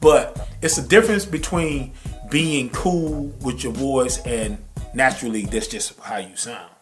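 A man hosting a podcast in casual chat, animated and slangy, laughing often and mimicking people. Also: medium pitch, unhurried, faint music behind. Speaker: podcast host.

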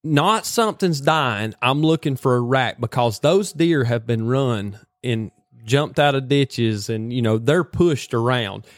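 A man telling a hunting story in a casual, animated way, full of folksy slang. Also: medium pitch, unhurried, few pauses, dry recording, studio quality.

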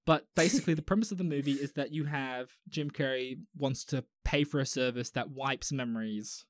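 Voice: medium pitch, fairly quick, no room sound, clean studio sound. A young adult with an Australian accent, co-hosting a casual podcast chat, rambling with restarts, fillers and swearing. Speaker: podcast co-host.

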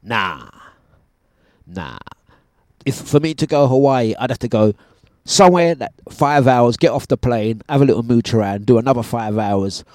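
A man's voice: mid-range voice, moderate pace, no echo, clean studio sound. Chatty man hosting breakfast radio. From United Kingdom. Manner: chatty, animated storytelling with laughs. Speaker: radio breakfast show host. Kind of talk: casual on-air chat. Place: radio studio.

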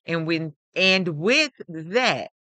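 Bright, smooth-voiced woman podcast co-host. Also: lowish voice, lively intonation, extremely slow, dry recording. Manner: upbeat, laughs often, emphatic. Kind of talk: casual podcast chat.

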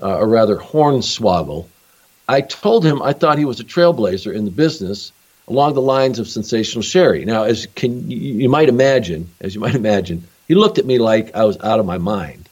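A man's voice: fairly low pitch, animated, a little fast, darkish tone, slightly rough, lo-fi sound. A man hosting a podcast interview, talking in an easygoing, reflective way. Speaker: podcast host.

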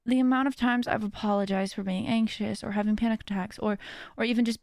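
A woman's voice: mid-range voice, steady tone, fast, a little mellow, no echo, studio quality. A woman hosting a podcast, talking earnestly in a casual, rambling monologue with many restarts. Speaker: podcast host.

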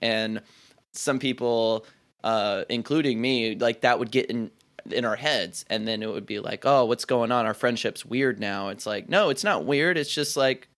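A young man in his twenties speaks in casual conversation at an ordinary, middle pitch. He talks reflectively and rambles, often restarting his sentences and leaning on "like" as he works out his thoughts. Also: moderate pace, a bit bright.

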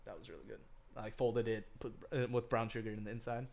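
A man's voice: fairly low pitch, steady tone, fast talker, vocal fry, a little mellow. A young man co-hosting a casual chat podcast, rambling through a cooking story, swearing freely and often laughing as he gets worked up. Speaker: podcast co-host.

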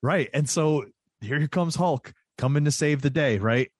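Animated man in casual chat. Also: fairly high pitch, a little slow, no echo. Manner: animated, restarts often, slips into comic voices.

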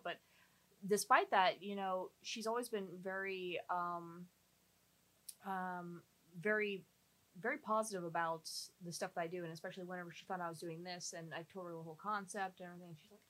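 A woman with a somewhat low speaking voice, talking loosely and at length as an actress in an interview. She rambles, circles back on her sentences and leans on fillers as she goes. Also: quick pace, pushed and bright, poor audio. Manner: rambling, chatty, frequent fillers and restarts. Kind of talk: casual interview chat.

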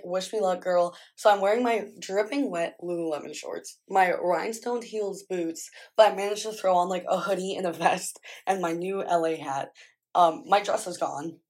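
A woman with a slightly low voice tells a rambling storytime in a vlog. She speaks casually and fills her sentences with filler words. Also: darkish tone. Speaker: vlogger.

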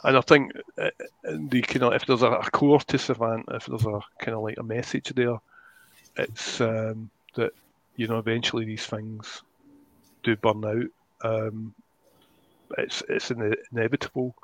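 A man's voice: mid-range voice, flat delivery, a little slow, fairly bright tone, rough recording. A man who is a guest creator, talking in a rambling, casual way on a podcast and often searching for his words.

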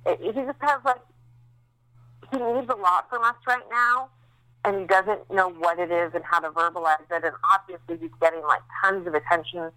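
A woman in her thirties co-hosts a podcast while recovering after childbirth, telling stories in a candid, chatty way full of fillers. Her lowish voice is steady and sharp at normal speed, on a rough recording with no echo.

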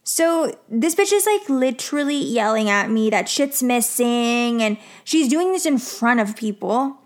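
A woman's voice: fairly high pitch, animated, a little slow. A young woman telling a story about an old job in a casual, chatty way, full of "like" and swearing. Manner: chatty, lots of "like" and "you know", swears freely. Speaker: vlogger telling a work story.

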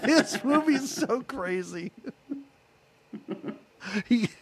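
A man's voice: very high-pitched, extremely slow. A man co-hosting a podcast, chatting casually about a film, laughing often and acting out lines. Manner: animated, laughing, acts out movie lines. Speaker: podcast co-host.

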